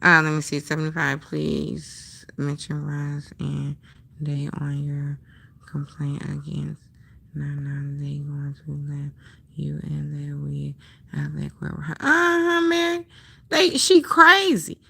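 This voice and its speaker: A woman rants on her livestream in a gravelly voice. Her tone is bright and sharp, and she sits a little low in pitch. She talks bluntly and profanely, hammering the same points over and over. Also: monotone, takes it slowly. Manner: heated, blunt, profane ranting, repeating herself. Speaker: livestream host. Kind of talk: casual ranting livestream commentary.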